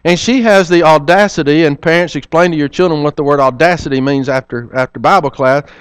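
A man's voice: on the high side, fairly quick, clear, resonant tone, no echo. A man preaching a sermon, telling a personal story earnestly and often repeating words as he restarts.

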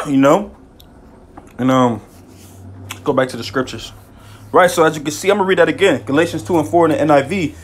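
Excitable man teaching scripture casually. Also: on the high side, slight background noise. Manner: casual, repeats "man" and "you know"; reads verses slowly, excitable. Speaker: bible teacher.

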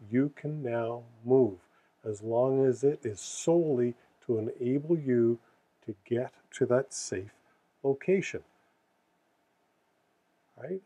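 Brief: male safety instructor, warm dark tone, slightly raspy, earnest and emphatic. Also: mid-range voice, low-quality recording. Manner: earnest, emphasizes key words, corrects himself. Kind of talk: casual explainer to camera.

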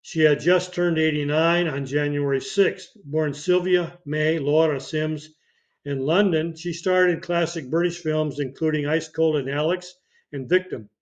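A man hosting a podcast, reading obituaries with dates and film credits in a steady way, now and then slipping and starting a phrase again. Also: on the high side, unhurried. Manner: reads dates and credits steadily, with occasional slips and restarts. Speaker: podcast host. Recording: dull lo-fi podcast audio.

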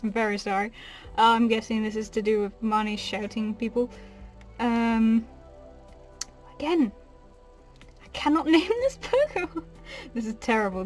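A young woman chatting casually as she opens trading card packs, excitable and giggly, with gasps and soft asides, from a small bedroom desk. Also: fairly high pitch. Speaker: card-opening vlogger. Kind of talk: casual unboxing chat.

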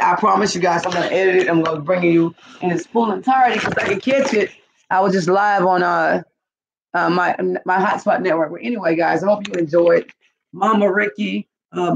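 A woman's voice: on the low side, creaky, slightly rough. A woman hosting a casual live stream, rambling and gossiping with lots of profanity. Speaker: channel host. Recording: muffled lo-fi recording.

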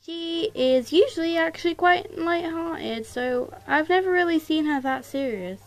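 A woman doing casual let's-play commentary to her viewers, excitable, exclaiming and mildly swearing, recorded on a tablet. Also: very high voice, unhurried. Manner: talks straight to viewers. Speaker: gaming YouTuber.

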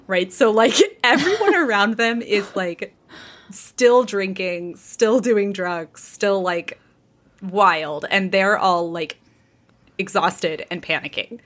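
A woman in her thirties hosts a casual gossip podcast. She tells the story in an animated way, putting on the voices of its people and often breaking into laughter. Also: medium pitch, slow pace. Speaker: podcast host.

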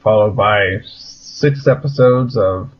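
A man's voice: on the low side, slow, slightly rough. A man co-hosting a casual podcast, laid-back and agreeable, rambling a bit. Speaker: podcast co-host. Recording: slightly dull lo-fi podcast audio.

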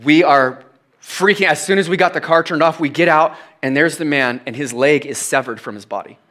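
Bright-voiced man preaching a sermon. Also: a little high, brisk. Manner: storytelling, shifts from animated to hushed and confessional. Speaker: pastor.

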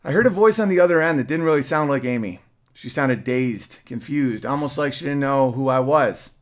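A man's voice: medium pitch, fairly quick. A man, a podcast host, earnestly reading an emotional personal story aloud.

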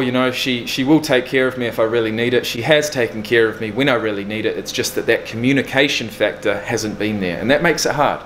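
A man's voice: medium pitch, fairly bright tone, slight background noise. A man of thirty talking bluntly and candidly in a casual video diary, swearing freely. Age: 30s. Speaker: vlogger. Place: indoors in a furnished flat.

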